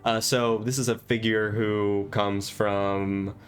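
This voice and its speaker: A man with a lowish, fairly flat voice speaks slowly as a game master. In a casual planning monologue, he thinks aloud and rambles through his plans for a tabletop session.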